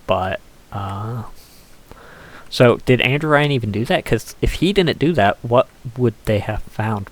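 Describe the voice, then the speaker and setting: A man giving casual, rambling commentary over a game he is playing, swearing offhandedly and using lots of fillers. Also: lowish voice. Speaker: gameplay commentator.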